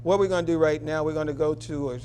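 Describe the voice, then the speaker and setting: A man hosting a local talk show, presenting an award and backing his guest with steady affirmations. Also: fairly high pitch, fast, slight background noise. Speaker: host.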